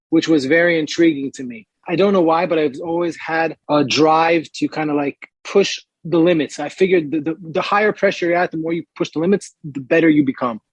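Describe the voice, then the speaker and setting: Husky-voiced man telling his story. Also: on the high side, fairly quick, no room sound, low-quality recording. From Israel. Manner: relaxed, thoughtful, laughs easily. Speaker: performance coach, podcast guest. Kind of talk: casual interview storytelling.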